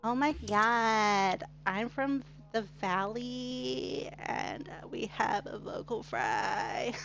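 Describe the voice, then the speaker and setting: An Australian woman putting on a ditzy young American Valley girl with vocal fry. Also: fairly high pitch, animated, extremely slow, fairly bright tone, highs cut off, exaggerated voice. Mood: airy.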